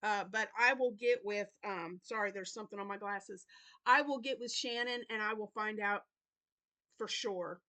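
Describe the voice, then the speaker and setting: Bright-voiced chatty woman crochet vlogger. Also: mid-range voice, normal speed. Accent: Southern US. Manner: rambling, chatty, with many fillers and apologies. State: yawning, tired. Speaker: crochet channel host. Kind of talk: casual weekly update vlog.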